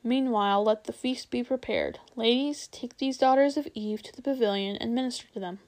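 A woman's voice: fairly high pitch, a little fast, darkish tone, natural voice. Aslan, grave lion king, read by a woman. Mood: solemn. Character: majestic male lion king, calm and solemn. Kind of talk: storybook reading aloud.

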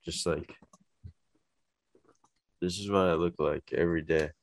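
Deep-voiced man in loose podcast chat. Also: fairly even intonation, unhurried, a little hiss or hum. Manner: loose, laughing, trailing restarts. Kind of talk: casual chat.

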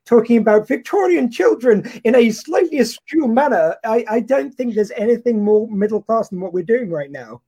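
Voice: medium pitch, expressive, normal speed, hardly any pauses, mellow, breathy edge. Sardonic podcast co-host from southern England, mid-range voice. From Romsey, England. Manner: dry, sardonic quips. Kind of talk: casual comedic podcast chat.

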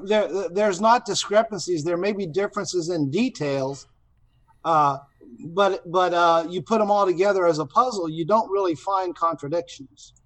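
A man's voice: high voice, moderate pace, fairly bright tone. A man on a Bible study panel answering eagerly, repeating words as he jumps in.

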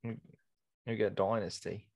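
A man with a very deep voice chatting casually. He talks hesitantly, with mumbled restarts. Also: fairly even intonation, measured pace, gravelly, darkish tone. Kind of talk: casual chat.

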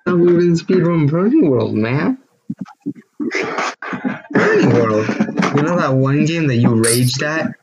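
A man's voice: fairly high pitch, very animated, a little slow, long pauses, highs cut off, heavy background noise. A young man co-hosting a casual podcast, protesting and defending himself among friends. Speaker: podcast host. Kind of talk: casual chat.

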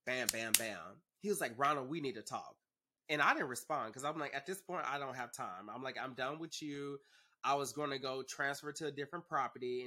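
A young man hosting a podcast, telling a story in a sassy, animated, profane way. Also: mid-range voice. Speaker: podcast host. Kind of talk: casual storytelling.

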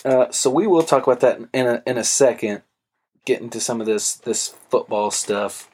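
A man's voice: medium pitch, normal speed, a little mellow, breathy edge. A young adult man hosting a podcast, casually telling a heated story with lots of swearing and filler words. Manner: loose, profane storytelling with frequent fillers. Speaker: podcast host. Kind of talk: casual chat.

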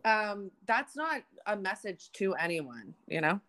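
A woman's voice: mid-range voice, big pitch swings, measured pace, fairly bright tone. Laughing young woman chatting on a podcast. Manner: laughs often, acts out quoted lines. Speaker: podcast co-host. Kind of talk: casual chat.

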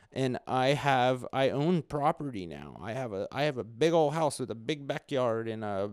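A man's voice: mid-range voice, smooth, dry recording. Rambling sarcastic young man, dry sound. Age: late 20s. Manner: rambling, sarcastic, self-mocking. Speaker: podcast host. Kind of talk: solo podcast monologue. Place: bedroom set up as a home studio.

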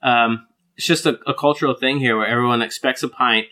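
A young man, co-hosting a casual chat, relaxed, laughing easily and saying "like" a lot. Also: mid-range voice, fairly quick. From United States. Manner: relaxed, laughs often, lots of "like" fillers. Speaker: podcast co-host.

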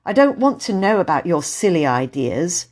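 A woman's voice: fairly high pitch, big pitch swings, moderate pace, voice pushed up. A woman voicing an earnest young girl, the eldest sister, who pleads and scoffs at her brother. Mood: disdainful.

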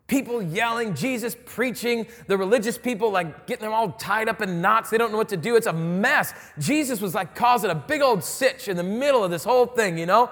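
A male pastor with a high voice preaches in a loose, joking, conversational manner. His words carry a long reverb from a large hall. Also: fairly bright tone. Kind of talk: sermon.

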